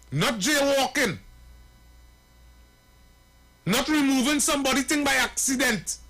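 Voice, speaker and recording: A man's voice: extremely high pitch, sharp tone. A man with a Trinidadian accent hosting a talk show, speaking in a preachy, impassioned way and addressing the viewers directly with repeated phrases.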